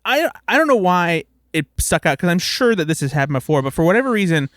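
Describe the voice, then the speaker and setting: A man co-hosting a podcast, giving measured opinions in casual chat. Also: high voice, lively intonation, fairly bright tone, dry recording, clean studio sound. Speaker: podcast co-host.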